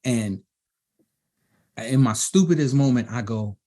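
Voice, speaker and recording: A middle-aged man from Brooklyn, telling animated stories as an interview guest and acting out the voices of others. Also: mid-range voice, unhurried. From Brooklyn, New York. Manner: animated storyteller who acts out quoted voices. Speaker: DJ and producer guest. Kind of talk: storytelling in a panel interview.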